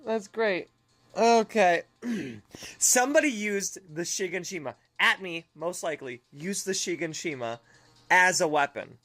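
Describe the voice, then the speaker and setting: A woman's voice: on the low side, animated, a little slow, a bit bright, faint music behind. A young woman streamer chatting casually and laughing at herself while playing a game. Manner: giggly, self-mocking, chatty.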